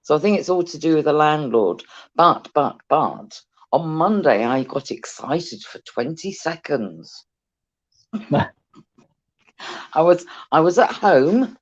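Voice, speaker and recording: Slow, with long pauses and wide swings around a medium pitch, this British co-host tells cheeky stories on a fishing livestream and acts out other people's voices. It comes through muffled lo-fi call audio.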